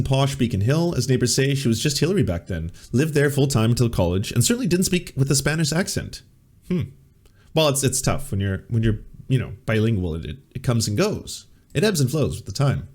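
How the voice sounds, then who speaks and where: A man delivers sarcastic commentary on video clips in a dry, stammering way. His voice sits at an ordinary middle pitch. He sounds like a host on a comedy stream.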